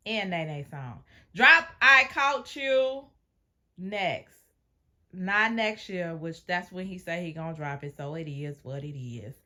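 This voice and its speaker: A woman's voice: medium pitch, pushed and bright. A woman hosting a reaction video, commenting on a clip in a sassy, teasing way.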